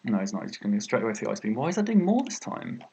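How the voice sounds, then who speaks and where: A man's voice: fairly low pitch, big pitch swings, very fast, creaky, a little mellow, husky. A young British man commentating his own competitive game match, thinking aloud and often exclaiming at his own mistakes. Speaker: gaming video creator.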